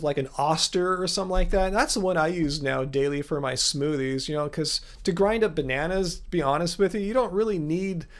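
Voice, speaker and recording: A man hosting a live viewer Q&A, talking in an easygoing, rambling way with lots of fillers. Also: on the high side. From Los Angeles, USA. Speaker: livestream host. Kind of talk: casual live Q&A.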